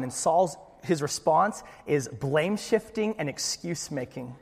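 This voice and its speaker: Man, pastor, lively sermon delivery, fairly high voice, long hall echo. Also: moderate pace, hardly any pauses, husky. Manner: animated, acts out dialogue with big loud swings.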